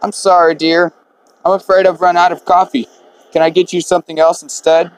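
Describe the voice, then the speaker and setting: A man's voice: sits high, level tone, fairly quick, smooth, dry recording, close to an everyday voice, low-quality recording. A man voicing a tearful old widow. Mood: resigned. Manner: apologetic, tearful, motherly. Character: grieving elderly widow facing eviction. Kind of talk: reading game dialogue aloud.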